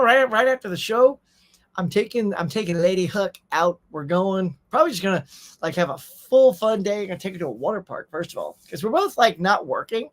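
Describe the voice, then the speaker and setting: A man's voice: high voice, fairly bright tone. Chatty man hosting a livestream. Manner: chatty, reads chat messages aloud, says y'all. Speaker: host. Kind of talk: casual livestream chat.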